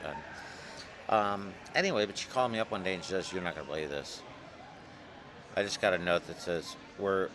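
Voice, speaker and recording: A man telling stories in an interview, lively and acting out other people's voices. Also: low voice, background noise. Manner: animated storyteller, acts out voices in anecdotes. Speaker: comic artist guest. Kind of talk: storytelling interview. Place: convention floor.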